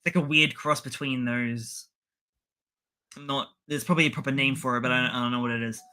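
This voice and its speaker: A man's voice: mid-range voice, fairly even intonation, fast talker, sharp tone. A man co-hosting a podcast, rambling through an anime recap with frequent laughs and acted-out quotes. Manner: rambling, laughs often, acts out the lines. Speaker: podcast co-host. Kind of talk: casual chat recapping an anime episode.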